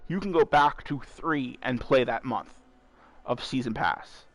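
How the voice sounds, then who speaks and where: A man's voice: mid-range voice, measured pace, fairly bright tone. Man, podcast host, casual gaming chat, blunt, swears often. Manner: blunt, swears, addresses listeners as folks.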